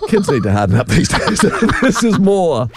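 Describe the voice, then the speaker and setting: A man's voice: on the high side, moderate pace, background noise. A middle-aged man, co-hosting breakfast radio and telling a story with plenty of laughs. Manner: animated storyteller, laughs often. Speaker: radio show co-host. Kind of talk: casual breakfast radio chat.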